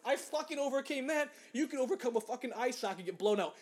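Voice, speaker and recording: High-voiced man ranting angrily. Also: lively intonation, fast talker, a little mellow. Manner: angry, profane ranting, mocking put-on voices. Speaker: podcast co-host. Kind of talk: casual chat, profane sports rant.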